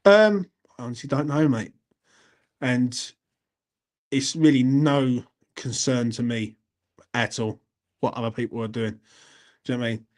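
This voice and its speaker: A man's voice: medium pitch, a little slow, long pauses, a little mellow. A young man hosting a casual live stream, chatting in a laddish way and reading out comments. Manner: chatty, laddish, repeats "do you know what I mean". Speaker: host reading live chat.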